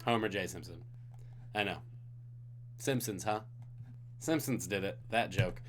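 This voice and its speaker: A man's voice: deep voice, measured pace, a little hiss or hum. A tired man hosting a live-streamed trivia game, reading out questions and joking with the chat between them. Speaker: trivia host.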